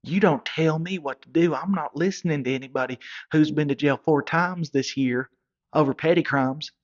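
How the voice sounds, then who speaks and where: A man's voice: a little high, moderate pace, pitched above the performer's own voice, lightly acted. A man voicing a defiant, snippy country cousin. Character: scrappy grown man, trash-diving country cousin. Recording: dull lo-fi recording.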